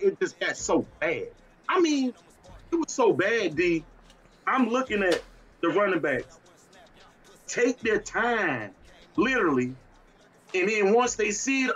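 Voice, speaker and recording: A man's voice: a little high, a bit bright, breathy edge, muffled recording. Fired-up man ranting about football. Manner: fiery, exasperated ranting with laughter. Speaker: podcast co-host. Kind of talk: casual sports talk.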